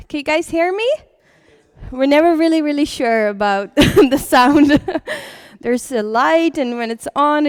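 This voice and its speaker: A young adult woman teaching a live yoga class, giving calm step-by-step cues for breathing and posture. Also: sits high, no echo, studio quality. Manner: chatty and laughing at the start, then slow and calm cueing. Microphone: livestream setup.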